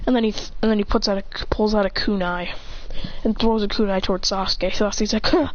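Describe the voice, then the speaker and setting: A woman telling an improvised action fan story in a casual way, acting out gasps and shouted attack names between stretches of narration. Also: mid-range voice, fairly even intonation, fairly quick, highs cut off.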